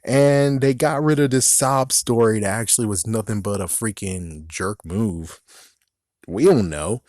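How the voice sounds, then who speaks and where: A man's voice: on the low side, measured pace, darkish tone, no room sound, studio quality. A young man casually rambling through a review, cursing often and laughing at his own jokes. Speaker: YouTube reviewer.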